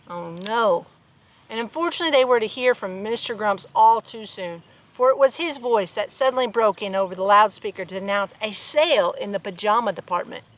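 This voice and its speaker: Poor audio captures a woman reading a children's picture book aloud on a farm, outdoors, with playful comments aimed at her animals. She speaks at medium pitch with a somewhat bright tone.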